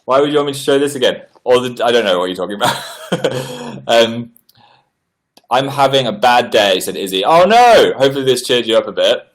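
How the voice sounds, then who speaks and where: A man hosting a casual livestream, chattily reading out viewer messages and answering them, his pitch often jumping up on exclamations. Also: brisk. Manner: chatty, animated, reads messages aloud with upward-jumping pitch. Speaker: livestream host. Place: indoors at home.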